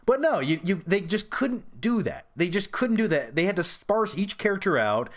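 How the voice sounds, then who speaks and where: A man hosting a casual live-stream question-and-answer session about films. His voice sits somewhat high, and he rambles in an opinionated way, restarting sentences as he goes. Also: sing-song, moderate pace. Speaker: host of a film review channel.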